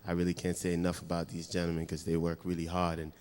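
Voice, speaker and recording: A man from West Africa, not a native English speaker, answers with a very deep, flat voice, laid-back and modest. His words trail into a long hall reverb. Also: quick pace. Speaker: musician guest. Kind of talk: interview answers.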